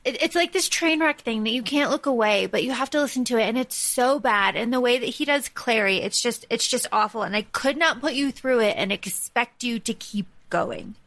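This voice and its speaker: An animated woman co-hosts a casual podcast, her bright, slightly high voice heard close and dry. She talks in loose runs full of fillers and throws in scornful asides. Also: moderate pace, few pauses, dry recording. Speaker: podcast co-host. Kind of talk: casual chat.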